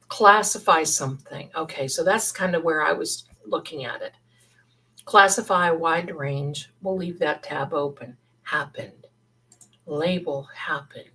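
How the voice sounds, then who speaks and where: A woman's voice: lowish voice, a bit bright, breathy edge, poor audio. A middle-aged woman hosting a livestream, chatting in a rambling, casual way and thinking aloud. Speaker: livestream host.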